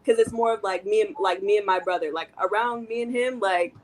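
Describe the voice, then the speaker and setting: Soft-spoken reserved young woman on a call. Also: mid-range voice, brisk, rough recording. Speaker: co-host. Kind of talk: casual video call discussion.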